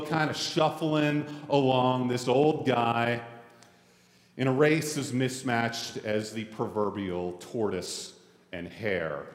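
Give me a middle-aged man preaching a relaxed, self-deprecating sermon in a reverberant church. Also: mid-range voice. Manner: casual, joking, self-deprecating. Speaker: pastor. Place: church sanctuary. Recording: roomy hall reverb.

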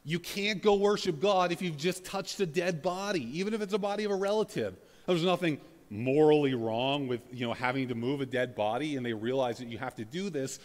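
A man preaches a sermon in a relaxed, chatty way, leaning on "like" and "you know". He breaks into animated, dramatic readings of scripture. His slightly raised voice rings out with a long echo across a church hall. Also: on the high side, a little fast, hardly any pauses. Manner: conversational, uses many fillers like "like" and "you know". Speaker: pastor.

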